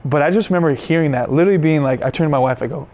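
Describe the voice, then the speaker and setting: A man hosting an interview, enthusiastic and quick to affirm his guest. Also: on the high side, warm tone. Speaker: host. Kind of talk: interview conversation.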